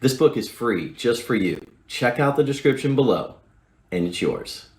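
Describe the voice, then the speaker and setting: A man's voice: mid-range voice, expressive, normal speed, darkish tone. Upbeat man reading a promo, roomy. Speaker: promo announcer. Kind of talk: scripted promo.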